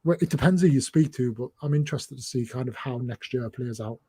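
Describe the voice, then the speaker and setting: A man hosting a livestream, chatting casually in a relaxed, rambling way. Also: medium pitch, brisk, breathy edge, dry recording. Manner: relaxed, rambling, with fillers and laughs. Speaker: livestream host. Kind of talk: casual chat.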